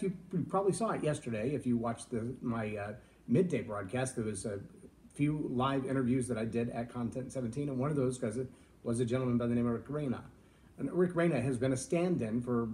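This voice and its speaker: Folksy Texan man, mellow voice. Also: medium pitch. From Texas. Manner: folksy, reflective, jokey asides. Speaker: vlog host. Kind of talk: casual live-stream talk.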